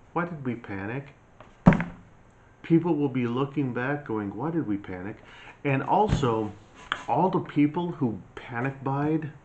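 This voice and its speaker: A man ranting in a blunt, mocking, scolding monologue as a prepper vlogger. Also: medium pitch. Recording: slightly dull lo-fi sound, faint hiss.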